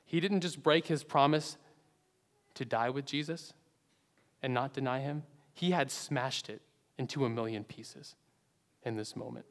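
A man preaching a sermon in an earnest, dramatic way, rising to loud emphasis and then dropping to hushed low endings. His voice sits at a middle pitch and rings out with a long reverb, as in a large church sanctuary. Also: a little slow, pauses often.

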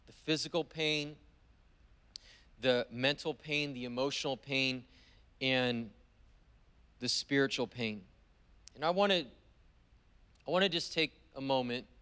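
Male pastor, mid-pitched voice, slow emphatic sermon delivery, vivid storyteller with long pauses. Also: pushed and bright, clear, resonant tone.

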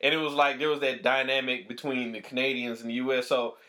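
Bright-voiced, chuckling man. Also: mid-range voice, flat delivery. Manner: chuckling, trailing, halting remarks. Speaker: podcast co-host. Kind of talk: casual podcast chat.

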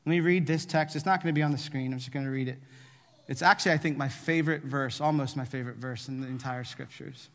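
A man preaching a sermon, telling a personal story in an animated, self-deprecating way. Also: medium pitch, fast, long reverb tail. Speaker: pastor.

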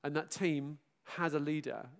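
In a fairly high voice with vocal fry, at normal speed, a middle-aged pastor gives his church a lively farewell, mocking himself and erupting into loud exclamations and laughter.

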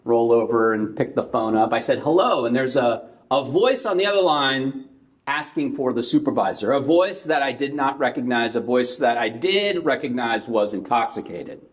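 A man's voice: mid-range voice, lively intonation, moderate pace. A middle-aged man from California preaching a sermon, telling a personal story and acting out the voices in it. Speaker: pastor.

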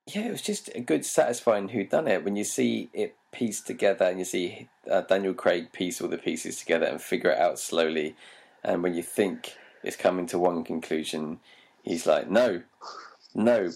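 A man's voice: low-pitched, moderate pace, vocal fry, a little mellow, husky. A man from Britain co-hosting a film podcast, hesitant and laughing often as he talks. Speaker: podcast co-host. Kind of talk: casual chat.

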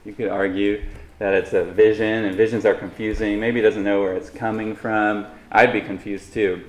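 A man's voice: fairly low pitch, little pitch movement, normal speed, roomy sound, highs cut off. A man preaching a sermon in a conversational way, with light humorous asides to the congregation. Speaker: pastor.

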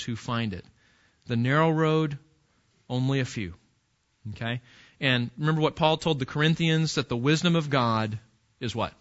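A male pastor preaching an animated sermon and talking straight to his listeners. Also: medium pitch. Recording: dull lo-fi recording.

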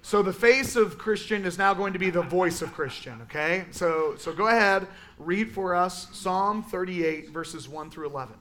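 A man teaching a Sunday school class in a casual, animated way, with lots of fillers. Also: high-pitched, moderate pace, few pauses, slight background noise. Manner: animated, conversational, many fillers. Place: church classroom.

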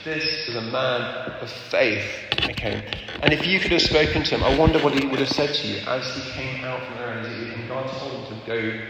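A man's voice: medium pitch, normal speed. A man preaching a sermon, earnest and candid, often checking in with his listeners. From England. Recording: echoey hall with background noise.

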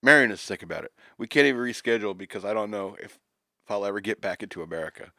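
A man with a fairly low voice reads quirky news stories aloud and breaks off into jokes and asides. The sound is dry and close, with no room around it. He talks like a podcast co-host in loose conversation. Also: lively intonation, rapid-fire, sharp tone, dry recording. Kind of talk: casual chat reading news stories.

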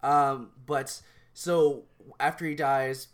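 A young man in the middle of a casual podcast chat, his voice sitting at an ordinary pitch. He rambles in an animated way, restarting his sentences and piling on fillers as he goes. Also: takes it slowly. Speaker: podcast co-host.

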